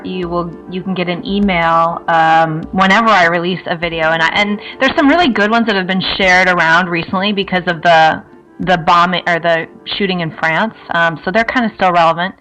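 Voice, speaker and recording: A woman's voice: on the low side, normal speed, sharp tone, faint music behind, low-quality recording. A woman from Minnesota, a guest on a talk show, chatting in a wry way and laughing often. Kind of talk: podcast interview chat.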